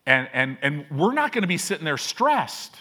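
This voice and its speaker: Male pastor preaching, kinda high voice, swings up and down a lot, chatty. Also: very animated, moderate pace, sharp tone. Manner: conversational, self-deprecating, asks "right?" often. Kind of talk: sermon.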